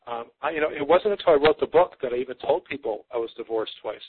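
A man's voice: medium pitch, expressive, fast talker, slightly rough, no room sound. A psychotherapist in his fifties, a podcast guest, talking earnestly and reflectively, often stopping and restarting. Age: 50s. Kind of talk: conversational interview. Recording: tinny phone-like line, dry.

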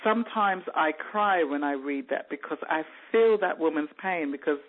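A woman's voice: low-pitched, normal speed. Storytelling woman on tinny radio. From born in Jamaica, raised in England. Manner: animated storytelling, mimics voices she overheard. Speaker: author guest. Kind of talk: radio interview. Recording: narrow phone-like radio sound.

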